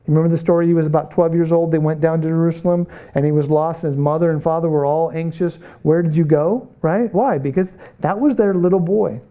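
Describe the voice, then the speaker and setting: A man's voice: a little high, steady tone, quick pace, hardly any pauses, mellow. A middle-aged man teaching a Bible college missions class, preaching earnestly with rhetorical questions and bursts of urgency. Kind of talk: classroom lecture.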